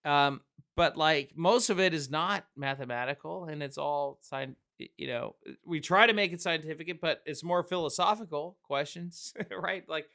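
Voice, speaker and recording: A man co-hosting a movie chat, animated and mocking, swearing and acting out lines. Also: a little high, moderate pace, gravelly. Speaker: movie podcast co-host. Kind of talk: casual chat.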